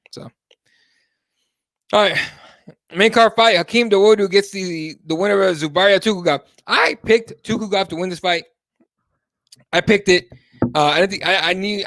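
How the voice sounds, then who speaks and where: A man's voice: fairly high pitch, fairly bright tone, no room sound, studio quality. A man hosting a live MMA talk show, chatting casually and animatedly, swearing freely and reading viewer comments aloud. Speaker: host.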